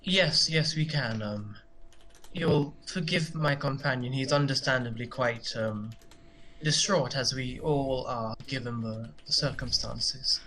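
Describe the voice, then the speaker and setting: A man's voice: mid-range voice, unhurried, pushed and bright. A man playing his character in a tabletop game, speaking politely and hesitantly. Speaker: player.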